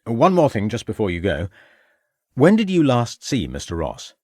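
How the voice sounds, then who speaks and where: A man's voice: medium pitch, huge pitch swings, normal speed, a little mellow, no echo, clean studio sound. A man playing a formal, probing inspector. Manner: formal, precise, insistent questioning. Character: sharp, probing male police inspector.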